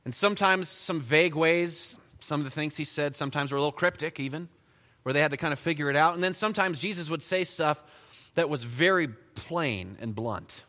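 Bright-toned preacher in an echoing church. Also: male voice, a little high, a little fast. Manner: conversational, animated, storytelling. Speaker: pastor. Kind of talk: sermon. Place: church sanctuary. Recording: long church reverb.

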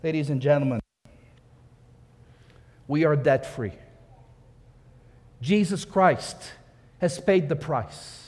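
A man's voice: a little high, slow, pauses often, darkish tone, slightly rough, in a large hall. A man preaching a sermon, emphatic, repeating key phrases and asking rhetorical questions. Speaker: pastor.

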